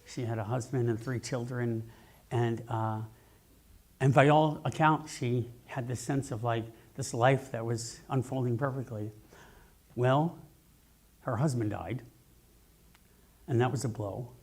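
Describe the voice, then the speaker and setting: A man minister giving a sermon, telling stories in an animated, jokey way, speaking into a mic in a church sanctuary. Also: medium pitch, measured pace, long pauses. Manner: animated, jokey storytelling preacher.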